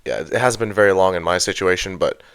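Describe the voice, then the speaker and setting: Young dude on a podcast, kinda low voice, dry close mic, chill rambling. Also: male voice, quick pace, a bit bright, clear, resonant tone, no echo. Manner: laid-back, rambling, frequent "like". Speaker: podcast co-host. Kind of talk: casual podcast chat.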